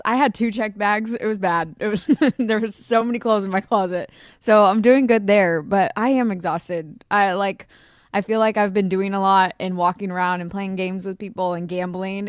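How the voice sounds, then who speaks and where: A woman co-hosting a radio show, telling stories in a giggly, animated casual way. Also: mid-range voice, normal speed, no echo, studio quality. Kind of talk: casual chat.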